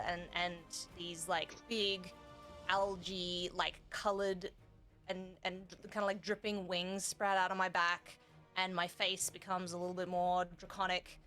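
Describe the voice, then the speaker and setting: A woman's voice: fairly low pitch, little pitch movement, measured pace, fairly bright tone, faint music behind. A woman playing a tabletop game, describing her character's actions casually with many hesitations. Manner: hesitant, many fillers and restarts. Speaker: player.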